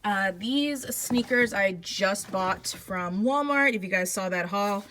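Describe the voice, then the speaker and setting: A woman's voice: mid-range voice, slow, fairly bright tone, slight background noise. A young woman giving a casual closet tour at home, chatty and enthusiastic, with lots of fillers. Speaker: vlogger.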